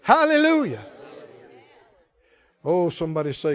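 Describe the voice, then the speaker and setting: A male pastor preaches with a high-pitched voice, trading call and response with his congregation. He swings from quiet reasoning to loud cries. The recording is dull and muffled. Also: lively intonation, measured pace, big-room sound, a faint crowd, a little hiss or hum. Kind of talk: sermon.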